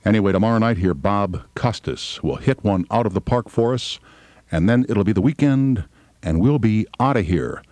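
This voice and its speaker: A man's voice: fairly low pitch, animated, normal speed, a little mellow, dry recording. A man in his fifties, a talk radio host making casual, wry off-air remarks at a studio microphone. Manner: wry, conversational, gruff asides.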